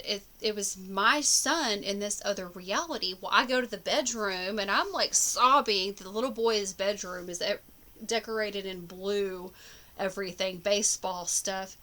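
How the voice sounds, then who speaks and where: This spiritual vlogger has a medium-pitched, bright voice with a forceful tone. She talks casually to the camera about her dreams in a personal monologue, rambling with lots of fillers and restarts.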